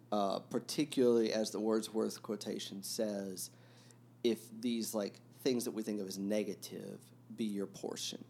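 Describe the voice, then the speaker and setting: A man hosting a podcast about a novel, talking reflectively and haltingly, with many fillers and restarts. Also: fairly low pitch, warm tone, slight background noise. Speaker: podcast host discussing a novel. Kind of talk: reflective casual talk.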